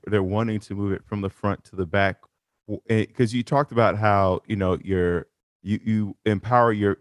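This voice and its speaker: A man with a low voice hosts the interview, recorded close with a dry sound. He builds his questions slowly, repeating words and restarting as he goes. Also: no room sound. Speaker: podcast host.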